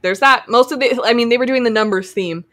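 A woman's voice: fairly high pitch, fast, fairly bright tone. A woman hosting a casual podcast, chatty and giggly, steering the talk from one segment to the next. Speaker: podcast host.

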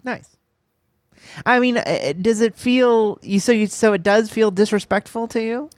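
A woman's voice: a little high, normal speed, a little mellow, no room sound. A young woman co-hosting a casual podcast chat, laughing easily and talking with hesitant fillers.

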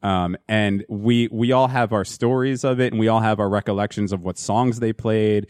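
Man, 40s, podcast host, low, dry close mic, casual reminiscing. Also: moderate pace, clean tone, no echo. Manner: relaxed, reminiscing, some restarts. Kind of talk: casual chat.

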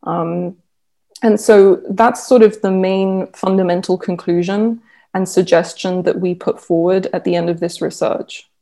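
A woman's voice: fairly low pitch, fairly even intonation, a little slow, mellow. A woman researcher explaining her findings in an interview, with frequent ums and restarts. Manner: hesitant, many fillers and restarts. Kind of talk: interview answer.

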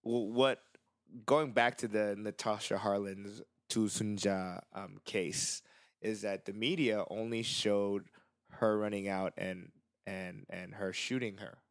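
Low-voiced man explaining, dry sound. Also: fairly even intonation, slow pace, dry recording. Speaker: podcast co-host. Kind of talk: casual chat.

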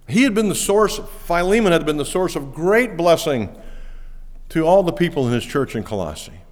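A man preaching a sermon as pastor, pushing key words up loudly, then falling back low and quiet. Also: very animated, normal speed. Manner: emphatic, rising to stress key words, then dropping low. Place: church auditorium. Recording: long hall reverb.

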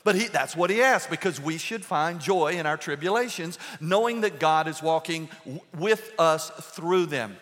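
High-voiced male pastor, reverberant church. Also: lively intonation, moderate pace, fairly bright tone. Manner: folksy, joking asides to the congregation. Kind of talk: live sermon. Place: church sanctuary before a congregation. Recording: long reverb of a church hall.

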